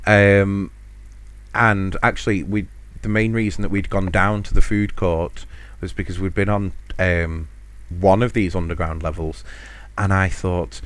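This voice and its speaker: A man from the United Kingdom hosts a podcast solo, telling a rambling holiday story at his own expense and chuckling often. His low voice is a bit bright, with a flat delivery and a slightly slow pace.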